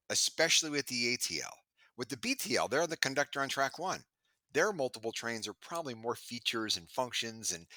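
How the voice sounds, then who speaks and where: A middle-aged man on a video call chatting in an interview, telling stories with lively acted-out quotes. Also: mid-range voice, no room sound. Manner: animated storyteller, acts out quoted voices. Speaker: sales trainer and podcast guest. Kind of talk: casual interview chat.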